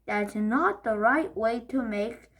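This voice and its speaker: A woman voicing a bossy, fussy old grandmother in a storybook reading, nagging slowly and primly. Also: on the high side.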